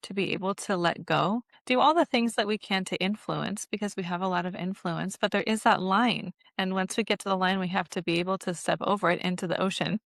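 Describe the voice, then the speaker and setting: A woman's voice: medium pitch, brisk, creaky, hardly any pauses, dry recording, studio quality. A woman hosting a podcast as a birth educator, talking in an earnest, reflective way with frequent fillers. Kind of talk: casual interview chat.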